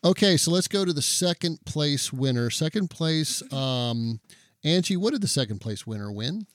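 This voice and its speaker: A man's voice: a little high, animated, normal speed, no echo, studio quality. A man with a Southern Florida accent, co-hosting a podcast in easygoing chat and reading a story aloud. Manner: easygoing, self-deprecating, folksy. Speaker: podcast co-host and story reader.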